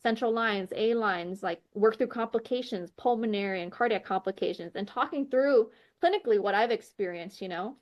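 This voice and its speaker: A woman's voice: medium pitch, normal speed, few pauses, dull audio. A woman sharing a personal faith testimony as a podcast guest. She talks earnestly with lots of fillers and acts out the dialogue she recounts. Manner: animated storyteller who acts out quoted dialogue; heavy use of "like" and "you know" fillers.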